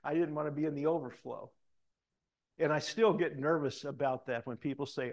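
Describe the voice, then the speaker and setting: A middle-aged man preaching a sermon, reading scripture aloud and breaking off into animated asides, loud for quoted lines and hushed for comments. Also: a little high, brisk, gravelly. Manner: animated, swings between loud emphatic reading and quiet asides. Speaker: pastor.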